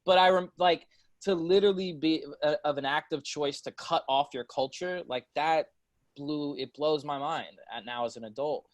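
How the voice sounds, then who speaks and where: A man's voice: fairly high pitch, normal speed, no room sound. A man on a podcast panel, talking casually in loose slang and laughing often.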